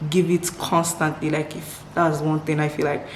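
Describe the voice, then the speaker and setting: A young woman from Nigeria chats to her camera, answering questions in a low, upbeat voice and doubling words for emphasis. The room is echoey, with a faint ambient hum behind her. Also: level tone, moderate pace. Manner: upbeat, repeats words for emphasis, laughs often. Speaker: vlogger. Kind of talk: casual Q&A chat to camera.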